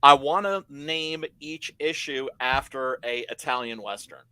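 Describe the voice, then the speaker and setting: A man chatting casually on a comics talk stream, telling stories in an animated, emphatic way. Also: medium pitch, a little slow, clear, resonant tone. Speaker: comic creator guest. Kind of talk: casual podcast chat.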